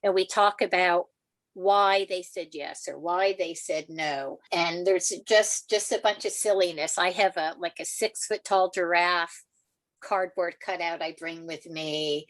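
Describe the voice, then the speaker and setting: An older woman, a children's author, telling stories in an interview, animated and laughing, acting out quotes in a higher voice. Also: a little slow, dry recording. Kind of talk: storytelling in a podcast interview.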